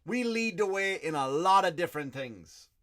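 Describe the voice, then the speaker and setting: Profane, ranting Irish comedian. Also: male voice, high-pitched, animated, moderate pace, fairly bright tone. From Ireland. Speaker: comedian podcast host. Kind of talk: stand-up style comic rant.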